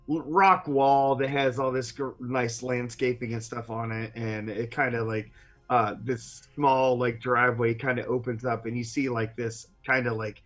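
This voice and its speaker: A man's voice: medium pitch, fairly bright tone. Rambling male game master. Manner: rambling and filler-heavy, with chuckles. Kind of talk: narrating a tabletop game.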